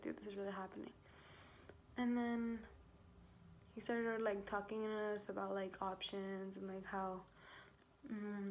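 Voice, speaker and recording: Young woman telling her own story in a storytime vlog, speaking at a middle pitch. Her talk is loose and casual, full of "like" and swearing. She acts out what she said at the time, and there is a faint hiss behind her. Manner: casual, swears often, fills with "like". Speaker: vlogger.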